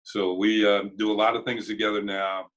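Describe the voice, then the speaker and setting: Older man telling stories, low voice. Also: flat delivery, a little fast, fairly bright tone, poor audio. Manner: chuckling anecdotes, acts out quoted voices. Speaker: former ballplayer and broadcaster, guest. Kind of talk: casual storytelling interview.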